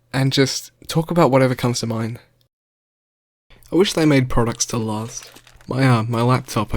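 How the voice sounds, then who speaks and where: A man's voice: medium pitch, darkish tone, no echo, clean studio sound. Nervous self-mocking young man, chatting. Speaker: YouTuber reacting to his old video. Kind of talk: casual unscripted reaction chat. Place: bedroom floor, indoors.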